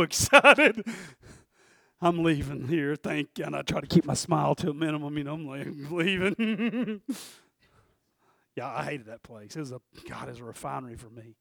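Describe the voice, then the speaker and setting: Pastor guy preaching, high gravelly voice, drops to a hush then gets loud, dry sound. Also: no room sound. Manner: folksy, swings from hushed to shouting. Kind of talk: sermon with personal story. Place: church sanctuary.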